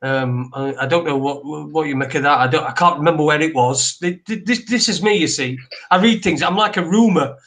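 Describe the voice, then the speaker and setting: A man co-hosts a casual news chat. His voice sits a little high for a man. He rambles, hesitates and restarts as he reads articles aloud. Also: brisk, fairly bright tone. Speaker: podcast co-host.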